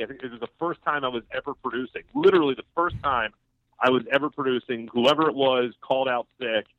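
A man calling in as a guest, telling relaxed, rambling stories with a few laughs. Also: mid-range voice, no room sound. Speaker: phone-in guest. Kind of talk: casual chat, storytelling. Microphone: phone. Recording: tinny phone line.

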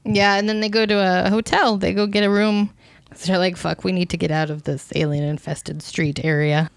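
A woman's voice: on the low side, little pitch movement, a little fast, creaky, dry recording. A woman co-hosting a casual podcast who talks about a film playfully and crudely, laughing often. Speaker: podcast co-host.

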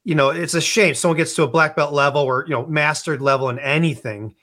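A man's voice: on the high side, fairly even intonation, fast, bright, forceful tone. A man hosting an interview, talking casually and enthusiastically with lots of fillers. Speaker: podcast host.

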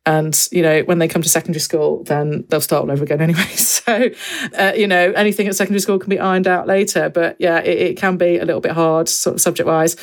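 A woman who teaches French at secondary level and is a parent chats on a video call in a casual podcast conversation. With a fairly low voice and quick pace, she tells stories animatedly, acting out the voices of the people she quotes.

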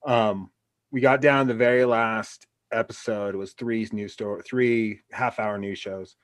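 A man hosting a casual interview, speaking in an easygoing, halting way. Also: on the low side, fairly even intonation. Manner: easygoing, halting, with many restarts. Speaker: podcast host.

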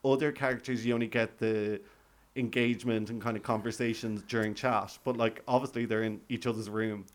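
A man's voice: on the low side, fairly even intonation, fairly quick. A man hosting a podcast, chatting casually and playfully about a reality show and laughing often. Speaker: podcast host. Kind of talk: casual recap chat.

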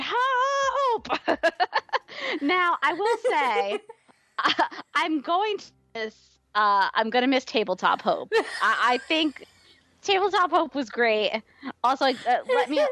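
A woman's voice: fairly high pitch, a bit bright, no room sound. A woman co-hosting a casual fan podcast, bubbly and laughing often. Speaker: podcast co-host.

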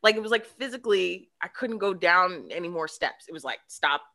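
A woman's voice: fairly low pitch, a little fast. A woman, a podcast guest, telling a childhood story in casual chat and acting out the voices in it. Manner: animated, acts out voices in her story.

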